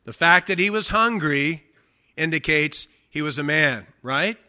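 Bright, emphatic man preaching. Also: fairly high pitch, animated, measured pace. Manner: emphatic, asks the congregation questions. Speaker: pastor. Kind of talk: expository sermon.

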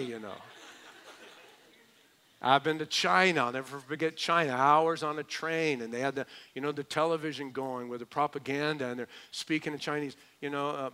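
Male pastor, middle-aged, fairly high and bright voice, chatty joking sermon delivery. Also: steady tone, normal speed, smooth. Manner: conversational, joking asides with mimicked voices. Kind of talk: expository sermon.

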